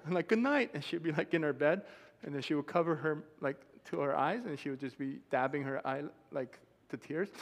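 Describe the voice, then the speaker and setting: A man preaching a sermon as pastor, telling stories with lively acted-out quotes and frequent laughter. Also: fairly high pitch. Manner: animated storytelling, acts out quotes, laughs often. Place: church sanctuary. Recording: long hall reverb.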